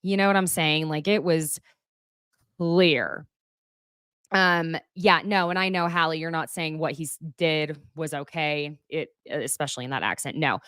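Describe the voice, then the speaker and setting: Woman, young adult, live-stream host, low voice, dry close sound, rambling and laughing. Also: a bit bright, clean tone, no room sound. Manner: chatty, rambling, laughs often. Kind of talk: casual live-stream chat.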